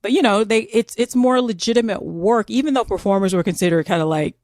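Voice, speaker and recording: A young woman co-hosting a podcast in casual, animated chat. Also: mid-range voice, dry recording, clean studio sound. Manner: chatty, animated, quick to laugh. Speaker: podcast co-host.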